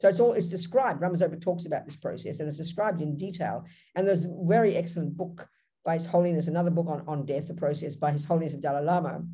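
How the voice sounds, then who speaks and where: A woman with an Australian accent, a Buddhist nun teaching and answering questions on a video call in a direct, animated way. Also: deep voice, fast talker, slightly rough. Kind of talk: dharma teaching with Q&A.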